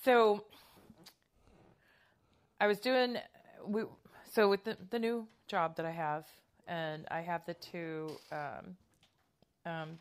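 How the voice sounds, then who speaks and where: A woman's voice: fairly low pitch, fairly even intonation, slow, long pauses, clear, resonant tone. A woman telling a story in casual podcast chat, rambling and self-conscious with many fillers and restarts.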